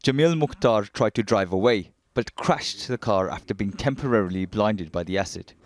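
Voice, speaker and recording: A male reporter reading scripted news narration in a measured, matter-of-fact way. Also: lowish voice, animated.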